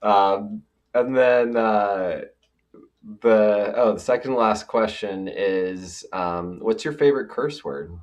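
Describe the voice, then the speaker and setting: A man with a low voice hosts a podcast. He asks his questions and keeps encouraging his guest with short affirmations. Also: slow, a little mellow. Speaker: podcast host. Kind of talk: casual podcast interview.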